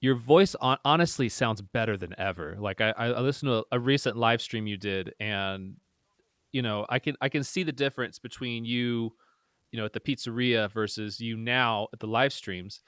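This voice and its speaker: A man's voice: mid-range voice, normal speed, a bit bright, clear, resonant tone, no echo. Eager male podcast host, dry close sound. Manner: eager, stacks up follow-up questions. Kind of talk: interview questions.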